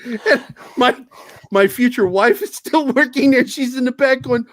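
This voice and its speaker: A man's voice: very high voice, unhurried, fairly bright tone, no room sound. A man guesting on a podcast, telling stories in a casual, profane, self-mocking way. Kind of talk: casual storytelling chat.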